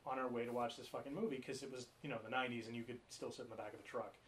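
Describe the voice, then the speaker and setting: A man co-hosting a casual podcast, spinning loose stories and swearing along the way. His pitch sits in the middle range, and the talk is loose and conversational. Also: fairly even intonation, very fast, slight background noise. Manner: rambling storyteller, swears freely. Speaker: podcast co-host. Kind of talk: casual chat.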